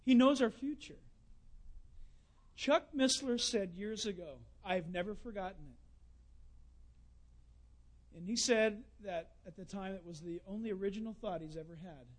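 A man preaching a sermon, telling folksy stories and swinging between loud bursts and hushed asides. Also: high-pitched, normal speed, pauses often.

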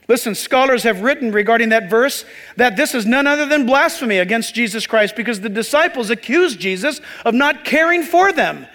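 A male pastor preaching a sermon with a very high voice. He is chatty and slips joking asides to the congregation. Long reverb rings through the hall. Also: animated, moderate pace, sharp tone.

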